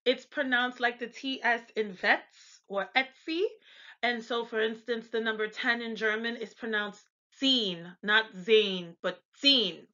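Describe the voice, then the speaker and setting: A woman's voice: fairly high pitch, steady tone, unhurried, bright, forceful tone, lo-fi sound. A woman with an American accent teaching pronunciation, explaining each sound and sometimes stopping to correct herself. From United States. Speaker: language tutor. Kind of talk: pronunciation lesson.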